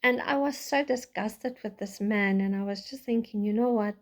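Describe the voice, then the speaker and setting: A middle-aged woman with a South African accent gives a raw, halting personal testimony about her life, often restarting her sentences. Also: mid-range voice. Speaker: vlogger telling her life story.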